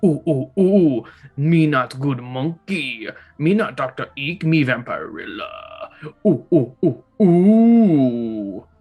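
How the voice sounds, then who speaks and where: A man's voice: mid-range voice, big pitch swings, slow, darkish tone, heavily acted. A man voicing a dim-witted male monkey scientist who hoots and talks in broken speech. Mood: excited. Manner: grunting broken speech, hooting.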